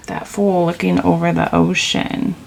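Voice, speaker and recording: A woman reads tarot cards in a relaxed, meandering way, her voice low with a gravelly, fried texture. She talks slowly, drifting between thoughts and filling the gaps with casual filler words. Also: background noise. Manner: loose and rambling, leaning on "like". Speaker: tarot reader. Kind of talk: casual intuitive tarot reading.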